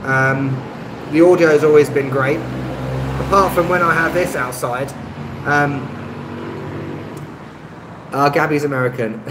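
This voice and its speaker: A man's voice: on the high side, steady tone, a little slow, pauses often, reverberant, noisy background. A man hosting a casual live-stream chat, answering viewers' comments in a rambling, hesitant way with lots of ums and self-deprecating asides. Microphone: phone on a stabilizer.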